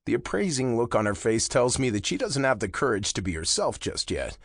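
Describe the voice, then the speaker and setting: A man narrating a romance audiobook in the first person, with a slow, low and intimate delivery. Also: very animated, slightly rough, dry recording, clean studio sound.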